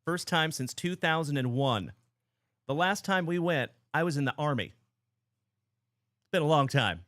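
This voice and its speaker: Excited card-break host, dry close sound. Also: male voice, fairly high pitch, normal speed, dry recording. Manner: excited, chatty, shouting out viewers. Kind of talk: casual livestream chat.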